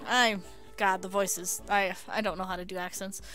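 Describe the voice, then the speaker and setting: A woman's voice: medium pitch, level tone, moderate pace, sharp tone, faint music behind. A young woman hosting a video game playthrough, reading tutorial text aloud and adding casual asides. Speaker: let's play host.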